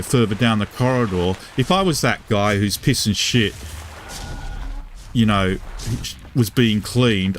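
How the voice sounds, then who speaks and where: British male streamer, low voice, rambling anecdote, coarse casual talk, faint rain backdrop. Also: a bit bright, a little hiss or hum. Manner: casual, full of fillers and restarts, swears freely. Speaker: gaming live streamer.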